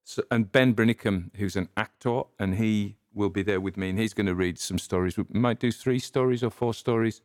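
A man narrating a dark first-person story and chatting as podcast host, earnest and halting with small stammers. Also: fairly low pitch, no echo, studio quality.

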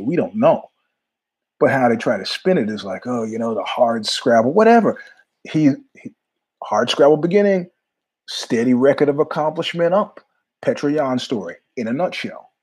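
A middle-aged man from New York hosting his own show, telling stories in a rambling, animated monologue full of asides. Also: medium pitch, a little fast, breathy edge. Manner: rambling, animated, jumps between tangents with asides. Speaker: podcast host. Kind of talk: casual monologue storytelling.

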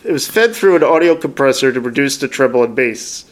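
A man's voice: mid-range voice, expressive, fairly quick. A man co-hosting a podcast in casual chat, rambling through anecdotes and laughing often. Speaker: podcast co-host.

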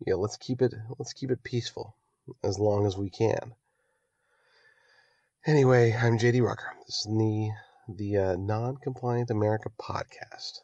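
A man hosting a political podcast, delivering a rousing monologue that builds to near-shouting exhortation. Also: fairly low pitch, fairly even intonation, moderate pace, no room sound, muffled recording. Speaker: podcast host.

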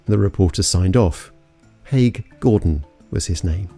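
A man's voice: low voice, unhurried, dark tone, soft background music. A man from London narrating an investigative story in a suspenseful, scripted way. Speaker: podcast narrator.

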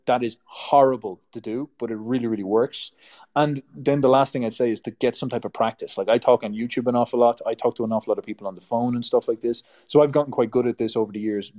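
An Irish man talks straight to his viewers in a blunt, emphatic rant, swearing freely. His voice rises and falls in a strongly musical, sing-song way, slowing down when he hits a point. It sits at an ordinary middle pitch. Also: steady tone, mellow. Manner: blunt, emphatic and profane, ranting. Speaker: YouTube host. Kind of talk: advice monologue to camera.

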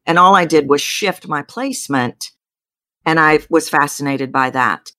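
A woman with a Texan accent, a voice coach telling her story as an interview guest, animated, with sudden jumps in pitch. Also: measured pace, dry recording. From Texas.

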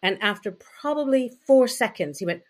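A woman's voice: a little high, lively intonation, moderate pace. A woman guest on an interview, telling personal stories in a candid, chatty way with lots of "you know" and "like.". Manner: chatty, frank, full of "you know" and "like" fillers. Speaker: interview guest, intimacy coach. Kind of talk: candid conversational storytelling.

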